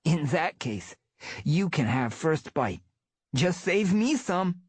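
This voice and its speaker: A man's voice: a little high, big pitch swings, slow pace, slightly rough, no room sound, voice pushed up, full character voice. A man doing an eager young apprentice tom. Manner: chatty and helpful.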